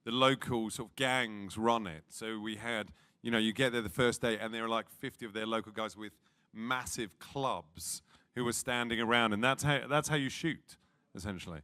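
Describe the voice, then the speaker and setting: A man's voice: lowish voice, normal speed, pushed and bright. Laughing man telling filming stories. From England. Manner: casual storyteller, laughing through his punchlines. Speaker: film producer and interview guest. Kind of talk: comic anecdote.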